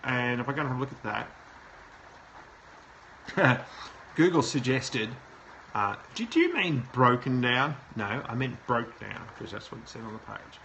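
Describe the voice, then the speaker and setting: Bright-voiced man reviewing a website live. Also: medium pitch, steady tone, unhurried, gravelly, long pauses, lo-fi sound, a little hiss or hum. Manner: thinking aloud, plain-spoken and direct. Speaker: SEO consultant host. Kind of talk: live website review, talking while browsing.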